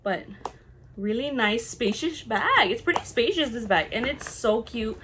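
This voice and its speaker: A woman's voice: a little high, lively intonation, a little slow, heavy background noise. A young woman showing off handbags in a casual haul vlog, chatty and gushing, with many okays. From half Japanese. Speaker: vlogger showing a bag haul.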